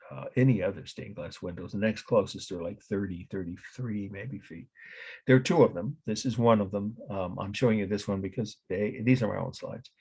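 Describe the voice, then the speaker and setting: A middle-aged man gives a classroom art history lecture in a low, gravelly voice with a husky edge. He explains at length, often correcting himself mid-sentence and wandering into asides before returning to the point. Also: a little mellow. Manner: rambling, self-correcting explanations with frequent asides.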